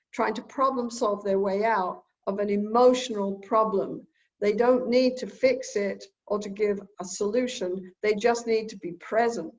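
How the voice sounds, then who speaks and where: A woman therapist giving an earnest teaching talk from home. She repeats key phrases and acts out quoted dialogue. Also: mid-range voice. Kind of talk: lecture-style talk recorded at home. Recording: dull lo-fi recording.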